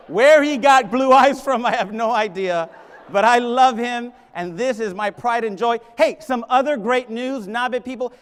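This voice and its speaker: A man's voice: very high voice, a bit bright. A middle-aged man giving a humorous keynote at a conference, joking with the audience and switching into Spanish. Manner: joking, addresses the crowd directly, switches into Spanish. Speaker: keynote speaker, high school principal. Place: large conference hall. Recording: long reverb of a large conference hall.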